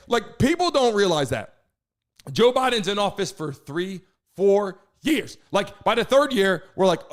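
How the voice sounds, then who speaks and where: This is a man from new jersey hosting a live talk stream. his voice sits high and swings all over the place as he rants, and he swears a lot and sounds fed up. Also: very animated, a little fast. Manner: ranting, indignant, profane. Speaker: political talk show host. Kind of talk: heated live-stream commentary.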